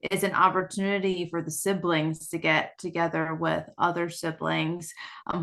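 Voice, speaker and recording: Female panelist, brisk and organized, low pitch, bright tone. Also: vocal fry. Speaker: parent panelist. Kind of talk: roundtable discussion.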